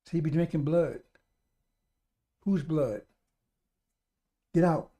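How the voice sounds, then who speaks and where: A man's voice: on the high side, slow pace, dark tone. A man preaching on live radio, urging his listeners again and again and calling them brothers and sisters. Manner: urgent, repetitive exhortation. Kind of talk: sermon on a live radio stream.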